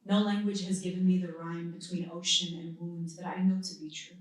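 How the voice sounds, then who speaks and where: A woman in her thirties from the United States, reading her own poetry at a live event with measured, deliberate phrasing and pauses between lines. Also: fairly low pitch, flat delivery. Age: 30s. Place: indoor literary event venue. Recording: very echoey room, voice from a distance.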